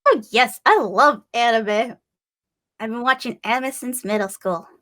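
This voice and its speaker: Young woman from Illinois, interview guest; bubbly and giggly, a fairly high voice, breaks into playful voices mid-story. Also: measured pace, a bit bright. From Illinois, USA. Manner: bubbly and giggly, acts out voices in her stories. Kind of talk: casual chat.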